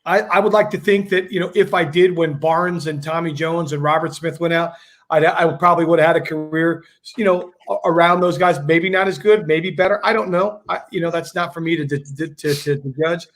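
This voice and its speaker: A man's voice: fairly high pitch, fairly even intonation, brisk, a bit bright. A man guest on a casual video-call chat, talking in a rambling way with many fillers and restarts. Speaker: guest bowler.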